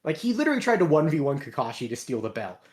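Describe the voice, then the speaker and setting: A man hosting a casual chat, sarcastic and quick to laugh, swearing freely. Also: fairly high pitch, very animated. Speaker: host.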